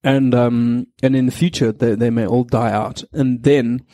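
A man's voice: medium pitch, fairly even intonation, unhurried, warm tone, no echo. A man in his thirties, co-hosting a live show and telling rambling, playful stories with frequent laughter. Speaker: radio co-host. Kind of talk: casual on-air banter.

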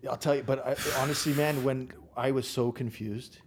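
A man's voice: mid-range voice, steady tone, normal speed, darkish tone, slight background noise. A man, a contractor on a podcast, telling a wild story in a casual way, swearing freely and laughing as he goes.

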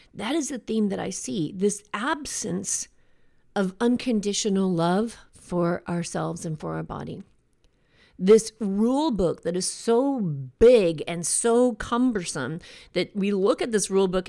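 Woman podcast host, earnest reflective monologue, mid pitch, lingers on key words. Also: gravelly, warm tone. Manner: earnest, conversational, draws out key words slowly. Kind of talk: reflective motivational talk.

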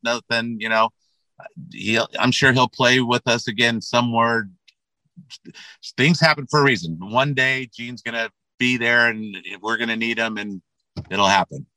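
A middle-aged man talks loosely as an interview guest, circling back and repeating his words as he goes. His voice is bright and forward, and the sound is dry and close, with no room around it. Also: mid-range voice, fairly even intonation, unhurried, no echo, rough recording. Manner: rambling, repeats words, many fillers. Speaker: metal band frontman and guest. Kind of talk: casual interview chat.

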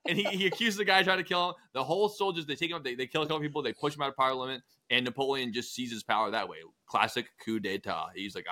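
Casual history podcast guy, bright voice, jumps into silly character voices while he tells the story. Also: medium pitch, quick pace, hardly any pauses. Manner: animated storyteller, acts out historical figures in goofy voices. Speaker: podcast host. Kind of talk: casual comedic history chat.

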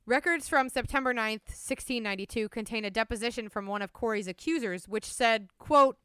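A woman's voice: a little high, brisk, few pauses, clean tone, dry recording. A young woman co-hosting a podcast, telling a story in casual chat and laughing often. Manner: laughs often, lively narration. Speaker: podcast co-host.

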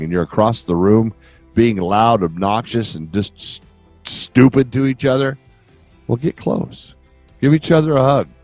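Low-voiced joking older man. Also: a little mellow, dry recording. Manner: rambling, joking, prone to tangents. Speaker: podcast host. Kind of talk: casual advice monologue.

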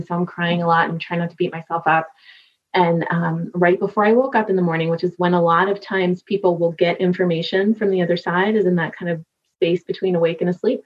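A medium speaks in a fairly low voice on a podcast interview, an animated storyteller who performs voices along the way. The recording has its highs cut off.

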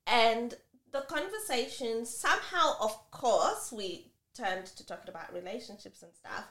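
In an echoey room, this podcast co-host tells stories and chats casually, expressive and lively with plenty of asides. Her voice sits on the high side and her pace is measured.

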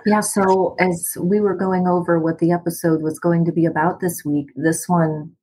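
A woman co-hosting a podcast in casual chat, warmly affirming her partner. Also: on the low side, level tone, moderate pace, slightly rough, rough recording. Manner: warmly supportive, affirming listener. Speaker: podcast co-host.

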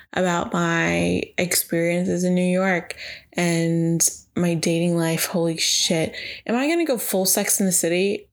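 A woman's voice: mid-range voice, creaky. A young woman hosting her own podcast, rambling tipsily with a self-mocking, profane manner. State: drunk. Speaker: podcast host. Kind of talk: casual solo podcast chat. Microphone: podcast microphone.

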